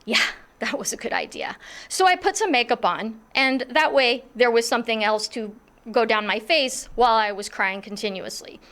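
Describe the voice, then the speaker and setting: A middle-aged woman telling a personal story in a lively, self-mocking way, acting out what others were thinking. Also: fairly high pitch. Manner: animated, self-mocking, acts out others' thoughts.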